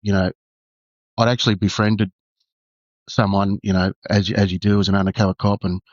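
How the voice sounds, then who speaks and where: Low-voiced Australian man, halting storyteller. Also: level tone, no echo, highs cut off. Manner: halting, full of "you know" and restarts. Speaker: guest, former undercover detective. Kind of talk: candid storytelling.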